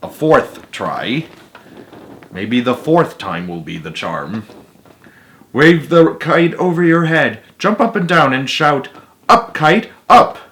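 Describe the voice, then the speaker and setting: A man's voice: mid-range voice, animated, slow pace, fairly bright tone. A man voicing a patient, encouraging male frog who coaxes his friend and tells spooky stories.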